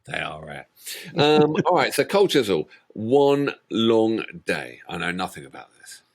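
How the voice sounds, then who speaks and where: A man in his co-host's chair, chatting casually and spinning jokey anecdotes as he laughs along. His voice sits a little on the low side. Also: big pitch swings, measured pace. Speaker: co-host of a music reaction channel. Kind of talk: casual chat.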